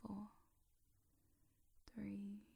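Woman hypnotist whispering slow countdowns, husky fry in her voice. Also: medium pitch, completely flat delivery. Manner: switches between sinking whispers and bright rising calls. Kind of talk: hypnosis session in whispers and soft speech.

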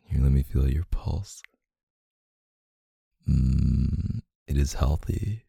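Male, deep husky murmur, dark tone; intimate audio role-play, close and unhurried. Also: no room sound. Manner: soft, close, murmuring partner voice.

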